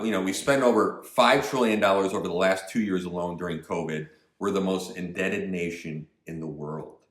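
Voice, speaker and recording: Guy ranting hard about politics, lots of repeats and sarcastic jabs, kinda low voice, roomy echo. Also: fairly bright tone. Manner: indignant, emphatic, repeats for stress, mocking asides. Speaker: political commentary vlogger. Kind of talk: ranting commentary.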